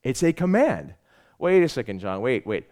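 Man, pastor, sermon, lively pitch swings, loud then hushed delivery. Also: normal speed. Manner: animated preaching, swinging from loud emphasis to hushed asides.

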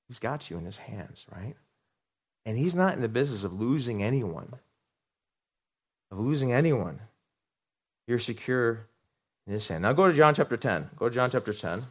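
A middle-aged man preaching a sermon, animated, repeating words for emphasis and asking his congregation questions. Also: medium pitch, measured pace, pauses often. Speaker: pastor.

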